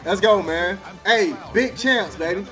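A man's voice: high voice, a little slow, faint music behind. A man streaming a football video game, trash-talking and laughing. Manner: animated trash talk, laughing, slang. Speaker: gaming streamer. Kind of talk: casual game commentary.

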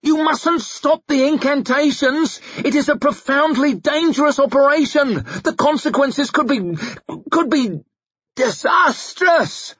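Shrill old scholar guy screeching in panic, a man puts him on, dull dry sound. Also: unhurried, fairly bright tone, dry recording. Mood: panicked. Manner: shrill, shrieking.

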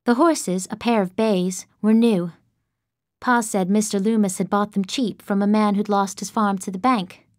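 A woman narrating an audiobook in the first person, measured and expressive, close to the mic. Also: medium pitch, no echo.

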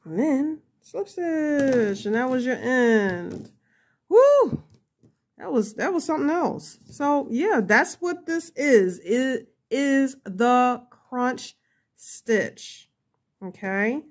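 A woman's voice: a little high, lively intonation, slow. A woman hosting a casual crochet tutorial, chatty and laughing at herself as she works.

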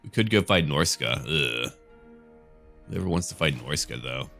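A deep-voiced American man talking his way through a strategy game in an easygoing, joking way, cursing now and then. Faint game music plays behind his close desk-mic voice. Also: animated, moderate pace, vocal fry, a bit bright. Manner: laid-back, chatty, jokey, swears casually. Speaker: gaming let's-play host. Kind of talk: casual game commentary.

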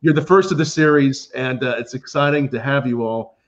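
A man's voice: mid-range voice, a little fast. A man hosting a live tasting stream, chatty and self-deprecating, asking questions and plugging his show. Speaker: livestream host. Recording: muffled lo-fi stream audio.

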